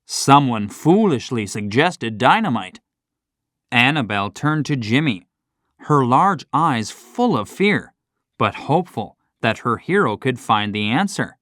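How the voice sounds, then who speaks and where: A man narrating a classic short story for children in a slow, expressive scripted reading. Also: mid-range voice, no room sound, clean studio sound.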